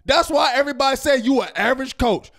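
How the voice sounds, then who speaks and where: A man co-hosting a fan show, ranting loudly and heatedly after a game and asking "you feel me?" over and over. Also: very high-pitched, fast talker. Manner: loud, fired-up ranting with repeated "you feel me?". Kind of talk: heated postgame rant.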